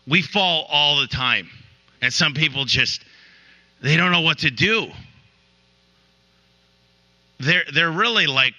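A man's voice: on the high side, expressive, measured pace, long pauses, sharp tone, rough recording. A man giving a motivational talk to a room, telling stories and often restarting his sentences. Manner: storytelling with repeated restarts. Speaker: business owner giving a talk. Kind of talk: motivational speech. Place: room with an audience.

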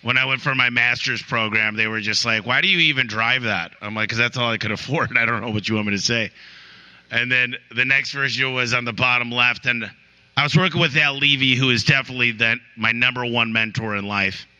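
A man's voice: mid-range voice, fairly even intonation, a little fast, pushed and bright, clear, resonant tone, poor audio. A man giving a motivational talk to a room, telling stories and often restarting his sentences. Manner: storytelling with repeated restarts. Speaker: business owner giving a talk. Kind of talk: motivational speech. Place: room with an audience.

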